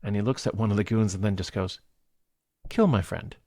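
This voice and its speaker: A man co-hosting a movie podcast, retelling film scenes in a casual, animated way and laughing often. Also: fairly low pitch, fast talker, no room sound, studio quality. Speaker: podcast co-host. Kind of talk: casual movie review chat.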